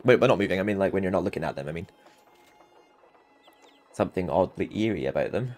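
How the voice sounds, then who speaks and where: A man's voice: low voice, expressive, fast talker, a little mellow. A man commenting casually while playing through a video game, rambling and chatty. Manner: rambling, chatty, often laughing. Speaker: gaming channel host. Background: game music.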